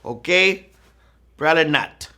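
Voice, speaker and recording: A man hosting a live trivia game show, goofy and teasing, squealing high and singing bits with faint music behind. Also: lively intonation, unhurried, pushed and bright. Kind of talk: live-streamed trivia hosting, playful banter. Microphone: phone.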